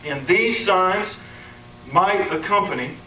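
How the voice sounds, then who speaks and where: A man preaching a conference sermon, animated and playful, acting out the voices he quotes. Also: high-pitched, slow pace. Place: conference hall. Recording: echoey hall, distant mic, faint room noise.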